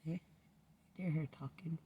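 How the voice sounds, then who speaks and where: A man's voice: fairly high pitch, steady tone, moderate pace, dull audio, slight background noise. A man rambling into a home recording, drifting from topic to topic and often sinking to a near-whisper.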